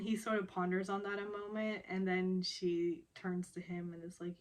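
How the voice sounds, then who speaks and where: A woman's voice: on the low side, monotone, moderate pace, few pauses. A young woman recapping a television drama episode in a casual, chatty way, laughing often and acting out the characters' lines. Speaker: recap vlogger.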